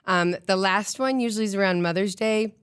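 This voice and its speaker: A middle-aged woman radio host from Colorado, talking in a chatty, animated way. She laughs often and acts out what people say. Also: medium pitch, a little fast, clear, resonant tone, no room sound, studio quality. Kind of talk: casual chat.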